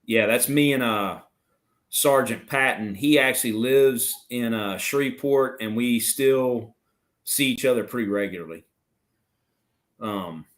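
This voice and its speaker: A middle-aged man, a retired Marine officer, telling blunt, profane stories in a casual interview. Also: medium pitch. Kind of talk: casual storytelling chat.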